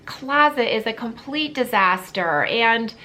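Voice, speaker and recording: A woman in her fifties speaks to her viewers in a candid, heartfelt vlog. She talks slowly, pausing and restarting often. Her voice is fairly high and bright. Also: animated. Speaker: vlogger. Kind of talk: personal talk to camera.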